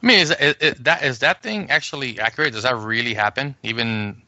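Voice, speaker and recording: Casting: bright, sharp-toned man, podcast co-host, animated, swears freely, dull lo-fi mic. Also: mid-range voice, a little fast, dry recording. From Puerto Rico. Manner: animated, swearing, acts out quoted arguments. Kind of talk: casual podcast chat.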